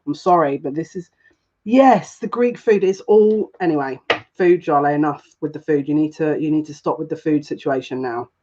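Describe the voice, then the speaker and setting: A woman's voice: low-pitched, normal speed, dark tone, slight background noise. Chatty giggly woman, lo-fi sound. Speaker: psychic reader. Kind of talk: casual live tarot reading. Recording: dull lo-fi sound.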